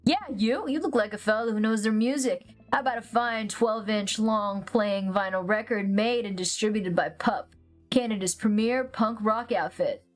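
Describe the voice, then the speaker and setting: A woman voicing a crusty teenage boy who sells band merch, with a drawn-out, showy sales pitch. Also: soft background music, close to an everyday voice. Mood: hawking. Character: crusty grimy teenage boy merch seller, loud pushy hawker.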